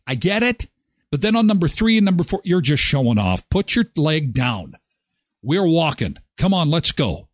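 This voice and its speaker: Jokey morning-show host; husky voice, lively pitch, dry close sound. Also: male voice, dry recording. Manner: jokey, animated, talks to his dog. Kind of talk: casual chat.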